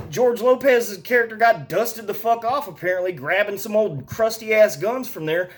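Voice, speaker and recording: Profane rambling man, slightly high voice. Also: moderate pace, few pauses. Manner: profane, rambling, heavy on fillers. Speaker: movie reviewer. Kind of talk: casual ranting movie review.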